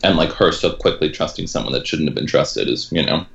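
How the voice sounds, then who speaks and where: A very low-voiced man chats on a podcast, throwing in dry one-liners between longer points. The sound is slightly muffled and lo-fi. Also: gravelly, fairly bright tone. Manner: wry, quick quips. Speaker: podcast co-host. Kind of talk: casual podcast chat.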